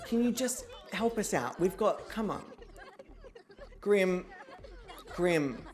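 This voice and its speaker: A woman's voice: mid-range voice, lively intonation, slow pace, pauses often, a little mellow, a faint crowd. A young woman streaming a life-sim game, chatting, swearing and laughing as she plays. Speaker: streamer hosting an interactive show. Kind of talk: casual game-stream commentary.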